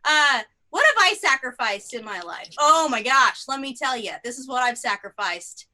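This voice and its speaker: A woman's voice: sits high, expressive, normal speed, bright, forceful tone. A woman doing improvised stand-up comedy in a rambling, self-deprecating way, full of fillers and tangents. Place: theatre stage.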